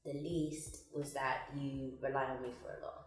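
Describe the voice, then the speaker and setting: A woman's voice: very deep voice, flat delivery, normal speed, distant mic. A young woman, chatting casually and giggling about her relationship on a couples chat show. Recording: echoey room with music underneath.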